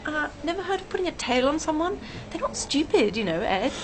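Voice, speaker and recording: An actress playing an excitable, celebrity-obsessed woman, gushing and bossy, in a radio comedy. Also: high-pitched, a little fast, a little hiss or hum.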